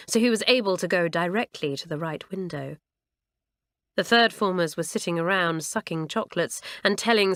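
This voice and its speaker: A woman narrating a children's audiobook in a measured storytelling manner. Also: fairly low pitch, fairly bright tone, no echo, clean studio sound. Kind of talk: scripted narration.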